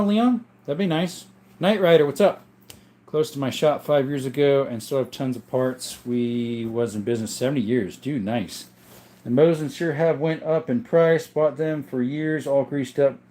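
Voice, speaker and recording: A man with a medium-pitched, dark voice talks at a normal pace, hosting a casual livestream from a room at home that holds his gun collection. He reads viewer comments aloud and answers them in a relaxed, meandering way, his voice sounding strained and worn.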